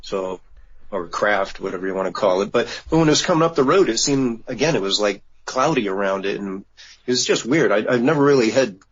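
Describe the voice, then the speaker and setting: Husky-voiced man, halting. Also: on the low side, lively intonation. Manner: halting, many restarts. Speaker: guest witness. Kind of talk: casual radio interview. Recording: dull lo-fi remote line.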